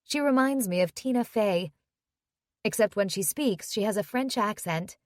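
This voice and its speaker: A woman's voice: mid-range voice, expressive, moderate pace, no room sound, clean studio sound. A woman narrating a romance audiobook in the first person, with an intimate, conversational inner-monologue manner.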